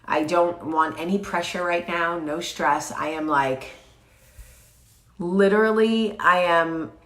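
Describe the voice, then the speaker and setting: A woman with a low voice and a cold talks unhurriedly to her viewers in a chatty, blunt, freely swearing way. She is recorded on a tablet in a roomy, echoey space. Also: slow pace, a bit bright. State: sick with a cold. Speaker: vlog host. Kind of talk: casual chat to camera. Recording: roomy echo.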